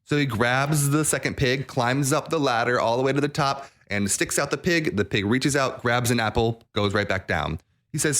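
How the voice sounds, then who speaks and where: A man's voice: medium pitch, moderate pace, fairly bright tone. Easygoing man telling a joke. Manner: chuckling, easygoing storyteller. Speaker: podcast co-host. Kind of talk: casual chat, telling a long joke.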